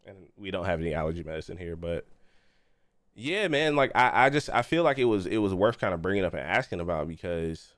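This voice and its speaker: A man's voice: low-pitched, expressive, a little fast, a bit bright, dry recording, clean studio sound. A man co-hosting a casual gaming podcast, a little congested, asking questions in a laid-back way. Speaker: podcast co-host.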